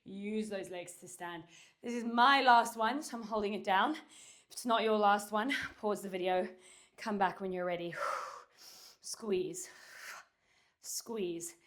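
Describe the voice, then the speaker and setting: A woman's voice: mid-range voice, slow, pauses often, fairly bright tone. Breathless woman coaching a pilates workout. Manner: cueing and counting while exercising, with sighs and puffs. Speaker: Pilates instructor. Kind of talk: workout instruction. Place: home workout room. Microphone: far camera.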